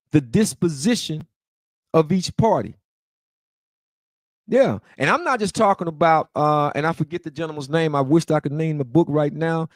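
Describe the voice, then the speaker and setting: A man's voice: fairly high pitch, darkish tone, no room sound, clean studio sound. A man hosting a talk show, giving a monologue in a preachy style, with rhetorical questions and emphatic repeats. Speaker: show host. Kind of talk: casual commentary monologue.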